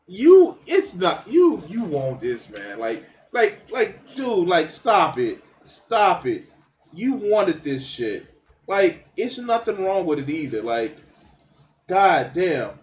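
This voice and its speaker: A man's voice: high-pitched, a little hiss or hum. A man giving blunt, profane reaction commentary on a documentary clip, mocking and laughing at what he hears.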